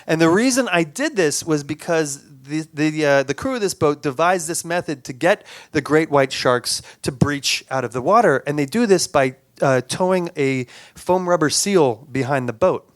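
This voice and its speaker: A man telling a story on stage, animated and stumbling, circling back over repeated words before pushing on. His voice sits fairly high for a man and leaps up and down as he acts out sounds and quotes. The sound is close and dry, with almost no room. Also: normal speed, hardly any pauses, no room sound. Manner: acts out sounds and quotes with big pitch jumps. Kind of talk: live personal storytelling. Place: stage show.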